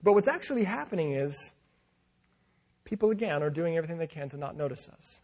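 Man, sermon storytelling, husky, high-pitched, animated, quoted voices. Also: brisk. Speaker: preacher.

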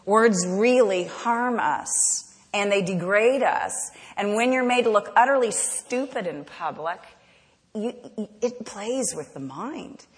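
A woman's voice: medium pitch, lively intonation, slow pace. Earnest woman preacher in a reverberant hall. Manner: earnest, rhetorical questions to the congregation. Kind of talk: sermon.

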